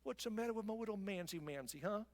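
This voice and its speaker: A man's voice: sits high, lively intonation, fast talker. A man voicing a queen who coddles her sulking husband in mocking baby talk. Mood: mocking, coddling.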